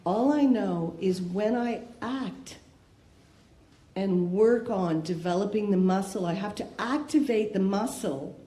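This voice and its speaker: A woman's voice: medium pitch, slow pace, dark tone. A woman speaking candidly at a recovery meeting, asking rhetorical questions in a conversational way. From Canada. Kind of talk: personal share at a recovery talk. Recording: echoey room with faint noise.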